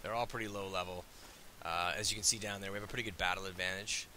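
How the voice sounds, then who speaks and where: A man as host giving jokey, excitable let's play commentary. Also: low-pitched, fast talker, a little hiss or hum. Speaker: gaming host.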